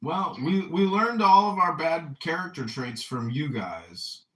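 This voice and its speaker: A man hosting a casual talk show, teasing a caller in a deadpan, mock-earnest way. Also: fairly high pitch, a little slow, roomy sound, distant mic. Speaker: host. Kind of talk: casual chat, teasing call.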